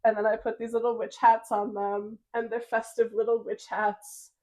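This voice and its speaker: A woman's voice: a little high, flat delivery, normal speed, a crowd in the background. A young adult woman co-hosting a crafting podcast, chatting casually, giggling and trailing off mid-sentence. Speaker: podcast co-host. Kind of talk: casual chat.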